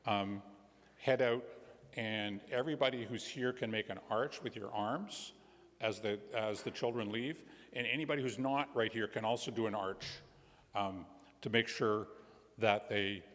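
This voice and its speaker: Man, guest minister, children's story, animated storytelling, low voice, church sanctuary, long reverb. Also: measured pace.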